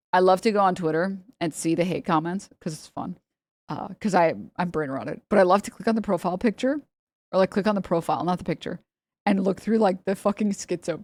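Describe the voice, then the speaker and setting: A woman's voice: lowish voice, a little mellow, no room sound. A woman livestreamer chatting casually to her chat, rambling and swearing, often laughing and mocking her critics.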